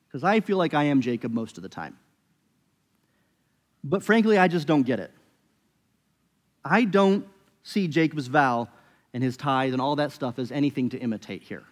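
A man preaching a sermon as pastor, talking conversationally with emphatic rises and frequent restarts. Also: fairly high pitch. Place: church sanctuary. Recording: long reverb of a church hall.

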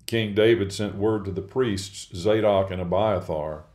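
A man reading a Bible passage aloud in a steady, measured way. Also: sits low. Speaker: scripture reader.

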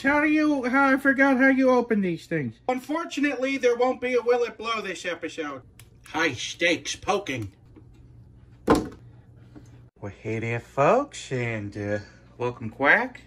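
A man in his thirties hosting a comedic cooking video, talking in a sardonic, deadpan, ranting way. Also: extremely high pitch. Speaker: cooking show host.

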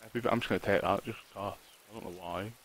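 A man's voice: lowish voice, steady tone, fast talker, a bit bright, a little hiss or hum, rough recording. A man talking to himself while live-streaming a survival game, swearing often and griping at the game. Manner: swears a lot, talks to himself and the game, frustrated outbursts. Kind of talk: live gameplay commentary.

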